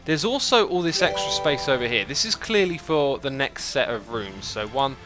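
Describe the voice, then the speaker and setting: Lively intonation marks this man's medium-pitched voice, delivered at a moderate pace with music in the background. He's a livestream host in a building game, chatting casually, reasoning aloud while he builds, and reading viewers' messages out.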